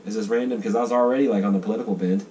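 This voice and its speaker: A man's voice: fairly low pitch, fairly even intonation, racing, dark tone. A man from the United States, talking casually in a rambling monologue, swearing and acting out the voices of groups. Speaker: vlogger sketching ideas. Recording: distant mic with faint noise.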